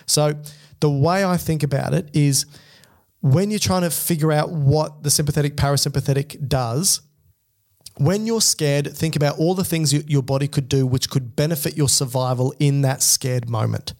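A man's voice: fairly high pitch, normal speed, a little mellow. A man co-hosting a podcast, reading listener emails in casual, joking chat and explaining things step by step. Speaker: podcast co-host.

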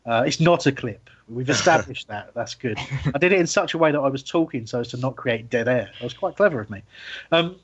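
A man's voice: mid-range voice, lively intonation, brisk, husky, lo-fi sound. A man hosting a casual football podcast, chatty and self-mocking, often laughing as he talks. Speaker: podcast host.

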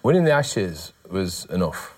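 A man's voice: low-pitched, big pitch swings, a little slow. A man from the north of England, a guest in a casual chat, telling self-mocking stories and laughing often. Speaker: guest, former cricketer.

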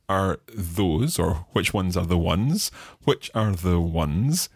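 A man teaching grammar on a podcast, talking it through slowly and spelling words letter by letter. His voice sits very low with a husky edge. The sound is dry and close to the mic. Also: lively intonation, no echo. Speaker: language podcast co-host. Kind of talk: bilingual teaching chat.

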